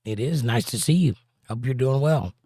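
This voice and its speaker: A man in the middle of his range hosting a relaxed livestream. He reads viewers' chat messages aloud and greets them by name, tossing in playful rhymes and jokes. His voice is close and dry, with no room sound. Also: medium pitch, normal speed, breathy edge, dry recording. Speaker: livestream host reading chat. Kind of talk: casual chat.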